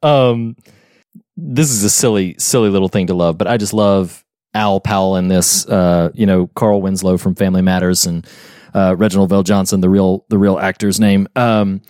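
A man co-hosting a casual movie podcast, animated, laughing often and acting out quotes. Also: deep voice, normal speed, clean tone, no echo, clean studio sound. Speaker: podcast co-host. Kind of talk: casual movie review chat.

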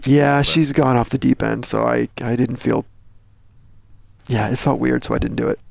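A man chatting casually on a podcast in a laid-back, deadpan way. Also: medium pitch, moderate pace, gravelly, dry recording. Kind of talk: casual chat.

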